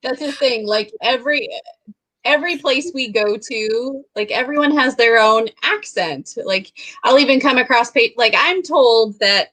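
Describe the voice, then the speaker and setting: A woman from the American Midwest chatting as a guest, easygoing and quick to giggle. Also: fairly high pitch, fairly bright tone, no room sound, poor audio. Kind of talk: casual chat.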